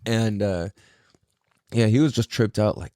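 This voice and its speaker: A man's voice: fairly low pitch, measured pace, darkish tone, no echo, studio quality. A tired young man hosting a casual solo podcast, talking in a laid-back, slangy way with a lot of swearing. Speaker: podcast host.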